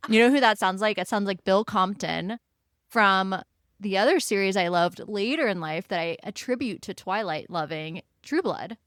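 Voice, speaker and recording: A woman hosting a podcast in a casual chat, talking in an animated, rambling way. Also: mid-range voice, moderate pace, clear, resonant tone, no room sound, studio quality. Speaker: podcast host.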